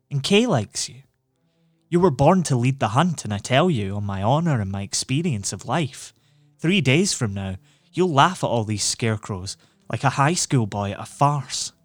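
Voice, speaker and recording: A man doing a calm, cynical schemer. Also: mid-range voice, unhurried, no echo, faint music behind, natural voice. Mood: persuasive. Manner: calm, smooth, lecturing. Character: cool, persuasive male schemer, cynical. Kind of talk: audiobook reading.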